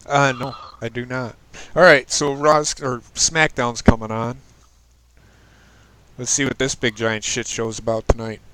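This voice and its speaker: A man with a bright, forceful voice hosts a casual stream, ribbing his guest, swearing freely and breaking into loud laughs. His talk is loose and chatty. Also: mid-range voice, level tone, measured pace. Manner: joking, swears, laughs loudly. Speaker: stream host. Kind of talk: casual chat.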